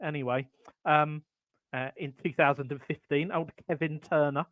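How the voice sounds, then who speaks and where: A man's voice: fairly high pitch, fairly even intonation, moderate pace, no echo, phone-quality sound. A man co-hosting a podcast in casual chat, rambling and hesitant with plenty of ums while he tells a story. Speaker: podcast co-host.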